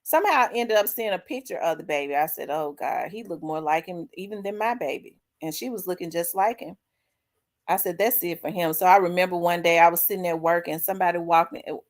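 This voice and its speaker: A middle-aged woman, hosting her own show and candidly telling a personal story, acting out the dialogue with big swings in her voice. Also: a little fast. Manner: animated, acts out quoted dialogue with big pitch jumps. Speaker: host.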